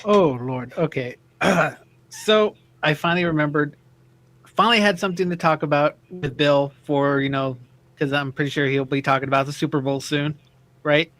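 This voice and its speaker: A man's voice: a little high, moderate pace, fairly bright tone. A man co-hosting a radio show, chatting in an easygoing way with frequent fillers. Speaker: radio co-host. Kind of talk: casual talk radio chat.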